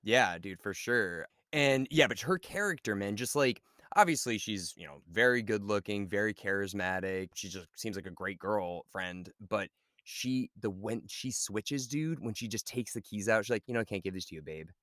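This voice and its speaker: A man's voice: lowish voice, moderate pace, fairly bright tone, no room sound, clean studio sound. A man co-hosting a podcast, chatting eagerly about a film and saying "dude" often. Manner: enthusiastic, says "dude" a lot. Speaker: podcast co-host. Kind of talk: casual chat about a film.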